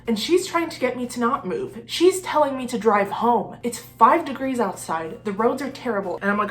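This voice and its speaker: A young woman telling a storytime vlog in an animated, exasperated way, laughing often between lines. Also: medium pitch, fast. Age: young adult. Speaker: vlogger.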